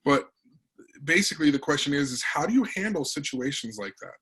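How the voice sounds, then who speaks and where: Husky-voiced man hosting an interview. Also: on the high side, lively intonation, a little fast, fairly bright tone, low-quality recording. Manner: loose, rambling, lots of fillers. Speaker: interviewer, host. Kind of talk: conversational interview.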